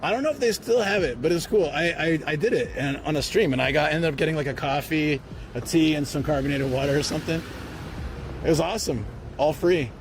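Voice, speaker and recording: A man's voice: on the high side, fairly quick, slight background noise. A man chatting casually to viewers during a travel live stream, rambling and talking straight to his audience. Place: city streets, then a parked car. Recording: music playing under the voice. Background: music.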